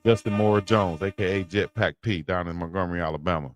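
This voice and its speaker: A man co-hosting a casual sports talk show, relaxed and slangy, giving shout-outs. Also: low-pitched, quick pace, soft background music. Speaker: co-host.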